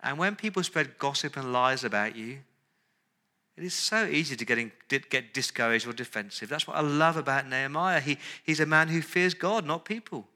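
A male pastor preaching an earnest sermon, dropping into soft, pleading tones when he voices prayers. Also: medium pitch, moderate pace.

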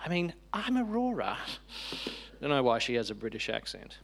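A man voicing a sweet little girl who reads a scripture passage slowly and carefully. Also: medium pitch, lively intonation, gravelly. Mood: playful. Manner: slow, careful reading.

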